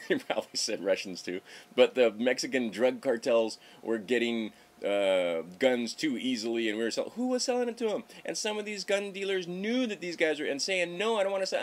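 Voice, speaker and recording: Rambling, sarcastic middle-aged male vlogger. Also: on the low side. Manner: rambling, sarcastic, self-interrupting. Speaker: political vlogger. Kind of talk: casual political commentary.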